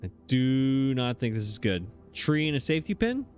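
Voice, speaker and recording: A man's voice: medium pitch, sing-song, moderate pace. Chatty man thinking aloud over a game. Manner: thinks aloud, hesitant, chuckles at himself. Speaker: let's play host. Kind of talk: casual gameplay commentary. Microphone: desk microphone.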